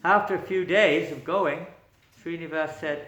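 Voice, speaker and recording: A man, a spiritual teacher, telling a story in an animated lecture, often chuckling. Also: fairly high pitch, unhurried. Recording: echoey room.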